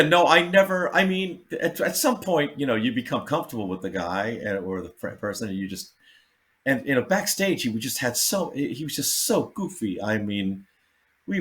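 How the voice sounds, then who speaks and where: A man, a comedian guest, telling backstage stories in a casual, animated way and acting out the people he quotes. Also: lowish voice. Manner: animated, acts out quotes, laughs often. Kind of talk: casual storytelling.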